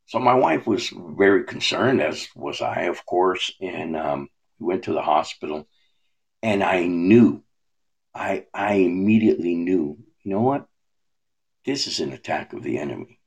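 A man's voice: deep voice, expressive, unhurried, gravelly, slightly rough. A man sharing a personal testimony in a rambling storytelling way, with many fillers and restarts.

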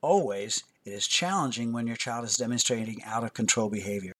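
A man hosting a show on parenting, giving scripted advice in a calm, instructive, measured way. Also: medium pitch, slightly rough. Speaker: host.

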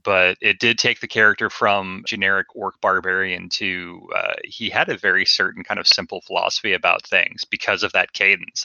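A man's voice: low-pitched, vocal fry, pushed and bright, no room sound. A man in a casual podcast chat, hesitant and self-deprecating with many fillers. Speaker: podcast co-host. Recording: dull, slightly lo-fi dry sound.

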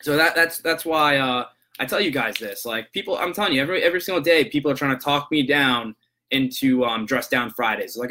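A man with a bright, forward voice talks through his podcast in a loose, rambling monologue. He keeps circling back with restarts and asides, and his tone turns earnest as he gives motivational advice. He speaks at a middling pitch. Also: a little fast. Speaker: podcast host. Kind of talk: casual monologue, storytelling about work calls.

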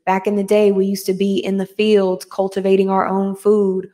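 An earnest woman hosts a live motivational podcast in a mid-range voice. She repeats her points for emphasis and pauses to greet viewers as they join. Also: mid-range voice, completely flat delivery, mellow. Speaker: podcast host. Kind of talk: live-streamed motivational talk.

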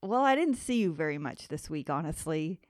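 A woman's voice: low voice, sing-song, moderate pace, dry recording. A woman in her thirties, co-hosting a podcast in casual chat, often laughing as she tells family stories close to the mic. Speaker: podcast co-host.

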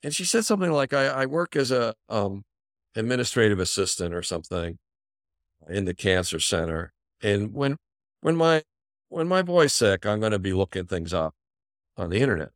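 A middle-aged physician guest telling an animated story in a conversational interview, acting out the people he quotes. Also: lowish voice, fairly quick, dry recording, studio quality. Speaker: physician and company founder, podcast guest.

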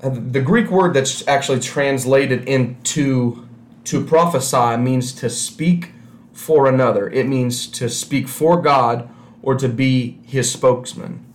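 A man's voice: mid-range voice, takes it slowly. Man preaching casually in an echoey room. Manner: conversational, repeats key phrases for emphasis. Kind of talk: recorded sermon without congregation.

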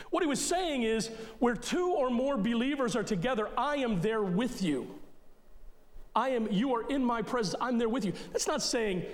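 High-voiced man preaching emphatically. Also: expressive, moderate pace. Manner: emphatic, conversational preaching that addresses listeners directly. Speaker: pastor. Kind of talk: sermon.

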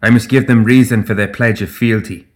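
A man voicing a stern, proud fae queen in an audiobook, speaking with measured, regal gravity. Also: fairly low pitch, steady tone, natural voice.

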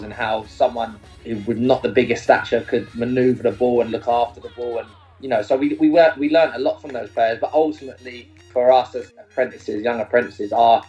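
A man speaking in a measured, earnest way while recalling his time as a young apprentice player. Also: mid-range voice, darkish tone. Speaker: former youth academy player, interviewee. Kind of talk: reflective interview recollection. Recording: dull lo-fi sound.

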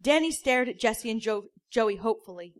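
A woman comedian reading a story aloud in a deadpan manner, now and then cracking up. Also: a little high, moderate pace. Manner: deadpan, breaks into laughter.

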